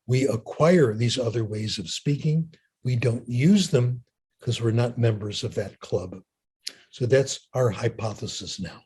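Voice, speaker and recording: Husky older man lecturing. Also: medium pitch, measured pace, a little mellow. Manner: chatty, storytelling, keeps asking "okay?". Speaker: linguist giving a talk. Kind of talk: lecture with audience Q&A.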